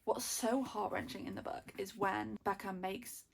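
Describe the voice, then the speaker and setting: A young woman, chatting excitedly about books in a casual reading vlog, gushing and repeating herself. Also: medium pitch, normal speed, vocal fry, slightly rough. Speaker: book vlogger.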